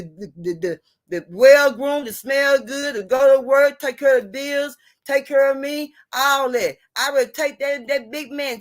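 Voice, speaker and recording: Preachy, blunt woman lecturing her viewers. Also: fairly high pitch. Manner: preachy, repeats "you hear me?" and "you see what I'm saying?"; blunt and salty, drawn-out emphasis. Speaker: vlogger giving relationship advice. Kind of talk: emphatic advice rant to viewers.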